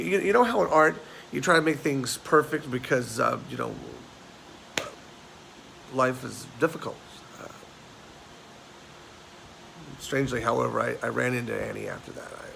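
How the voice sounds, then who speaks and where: A man performs a neurotic forty-year-old man who rambles through his thoughts and trips over his own words. He stammers and circles back again and again. A faint hiss sits under a deep, gravelly vocal fry. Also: bright, forceful tone, poor audio. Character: neurotic, self-mocking man turned forty. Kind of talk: film monologue performance.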